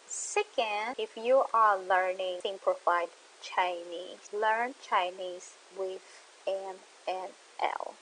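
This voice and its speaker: A woman teaching language learners, talking slowly and carefully and stretching out her example sounds. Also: medium pitch, fairly bright tone, slight background noise, low-quality recording. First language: Mandarin. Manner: slow, careful, with rising exaggerated examples. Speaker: Mandarin teacher. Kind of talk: casual screen-share lesson.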